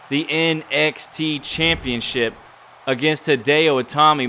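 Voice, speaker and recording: Gaming YouTuber, male, mock ring-announcer play-by-play, bright and punchy, excitable. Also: fairly high pitch, measured pace, slight background noise. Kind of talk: play-by-play game commentary.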